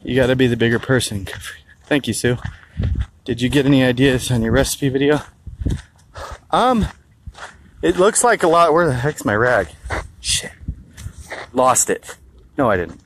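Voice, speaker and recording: Speaking at normal speed with lively intonation and long pauses, a medium-pitched male health vlogger rambles and curses through a story into a handheld phone held low. The low-quality recording has a little hiss or hum.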